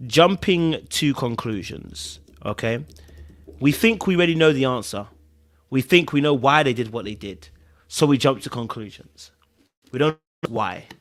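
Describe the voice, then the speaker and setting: Animated and speaking at a moderate pace, a mid-range-voiced man hosts a podcast of casual relationship advice for live viewers. He repeats important words to stress them and keeps checking in with the people watching.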